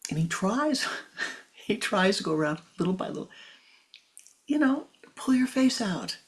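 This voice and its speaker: Slow, expressive woman spiritual teacher. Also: medium pitch. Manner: expressive, slow storytelling with acted voices. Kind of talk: storytelling sermon.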